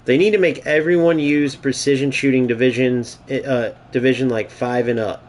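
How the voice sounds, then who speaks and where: A man's voice: mid-range voice, steady tone, moderate pace, a little mellow, a little hiss or hum. Young guy streaming a footy game, mid voice, cussing and talking trash to the other player. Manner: casual, profane trash talk to his opponent. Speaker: gaming streamer. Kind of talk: live gameplay commentary.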